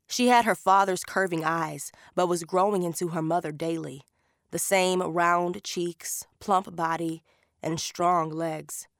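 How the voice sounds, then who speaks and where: A woman narrating a story from a script in a measured, unhurried way. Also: fairly low pitch, no echo, clean studio sound. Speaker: audiobook narrator.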